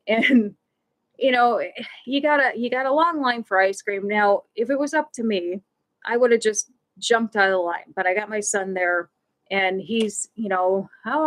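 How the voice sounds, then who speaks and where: A middle-aged woman hosting a live stream, telling a casual story in a rambling way, restarting often and laughing as she goes. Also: medium pitch.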